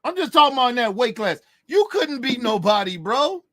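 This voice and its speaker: A man ranting with brash, mocking energy. His voice sits high and swings widely in pitch. He keeps hammering his points in profane, emphatic bursts. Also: sing-song, a little fast, bright, forceful tone. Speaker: boxing commentator. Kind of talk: heated opinion rant.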